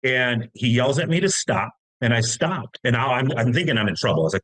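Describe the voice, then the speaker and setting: A man's voice: medium pitch, animated, quick pace, few pauses, a bit bright, rough recording. A middle-aged American man telling a long story in casual talk, long-winded with many restarts. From United States. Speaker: podcast guest.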